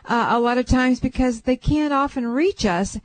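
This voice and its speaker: A woman's voice: sits high, normal speed. A woman hosting a radio call-in show as a psychic, chatting casually and breaking into whooping chants.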